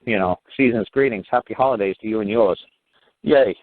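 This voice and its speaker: A man's voice: fairly low pitch, brisk, a little hiss or hum. Blunt New York man on a tinny phone line. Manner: blunt, profane, animated storytelling with mocking quotes. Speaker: talk show guest giving advice. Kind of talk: casual phone-in talk.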